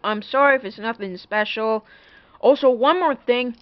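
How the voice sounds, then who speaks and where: A woman rambling through a show-and-tell of her toy, full of little fillers and apologies. Her voice sits fairly high. It is close and dry, though a bit dull and muffled. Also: moderate pace, no room sound. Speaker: toy collector showing a doll. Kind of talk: casual show-and-tell vlog.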